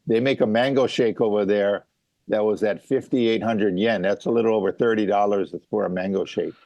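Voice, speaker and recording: A man's voice: fairly low pitch, fairly even intonation, moderate pace, gravelly, a little mellow, dry recording, lo-fi sound. A middle-aged man from Hawaii, a mango farmer being interviewed, who explains things casually with many fillers and restarts.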